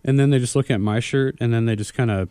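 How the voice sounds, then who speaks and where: Mellow, joking man co-hosting radio. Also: mid-range voice, quick pace, smooth, no room sound. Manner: animated, joking storyteller. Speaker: radio co-host. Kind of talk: casual radio chat.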